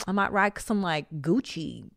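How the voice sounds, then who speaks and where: A woman in her forties hosting a podcast in casual chat, blunt and profane with an animated delivery. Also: on the low side, measured pace, creaky, no room sound, studio quality. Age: 40s. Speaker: podcast host.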